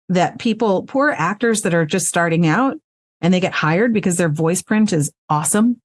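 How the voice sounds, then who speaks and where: A woman's voice: fairly low pitch, no room sound. A woman voice actress talking frankly and with animation as an interview guest, swearing freely, recorded in her home recording space. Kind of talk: casual interview chat.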